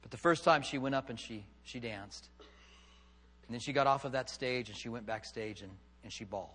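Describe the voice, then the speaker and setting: A man preaching a sermon, swinging from loud, fervent passages to hushed, quiet ones. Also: medium pitch, moderate pace, big-room sound. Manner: dramatic, swings from loud fervor to hushed tones. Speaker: pastor.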